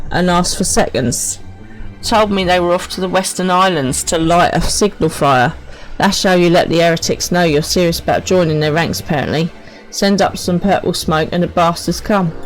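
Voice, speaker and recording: Woman putting on a rough low-born soldier guy, blunt, mercenary, loud and raised in pitch, rough dialect, faint music behind. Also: normal speed, natural voice, low-quality recording. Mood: gruff, gossipy. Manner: rough dialect, dropped grammar, emphatic.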